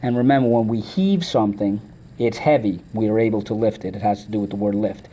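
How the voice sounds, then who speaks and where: Speaking fairly quickly in a lowish voice, a man teaches vocabulary with lots of energy. He has students echo him in call-and-response drills, breaking words into chanted syllables.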